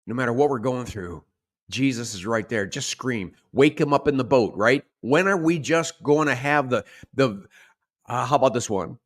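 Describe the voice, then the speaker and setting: Animated man preaching a sermon. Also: medium pitch, normal speed. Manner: animated preaching, acts out shouted quotes. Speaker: pastor.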